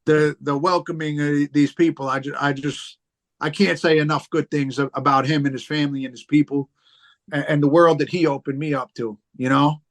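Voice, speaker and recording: A man's voice: on the high side, fairly even intonation, brisk. A man, a guest on a casual chat show, telling rambling stories full of fillers and swearing. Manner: rambling, profane storytelling with many fillers. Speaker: podcast guest, rapper.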